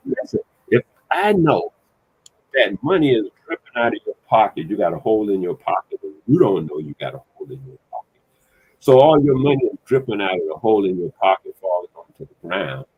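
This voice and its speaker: A man's voice: medium pitch, husky, no room sound. A man giving a blunt, colloquial motivational talk, preaching directly at the listener. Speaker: motivational speaker. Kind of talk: casual motivational monologue. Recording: tinny phone-like sound.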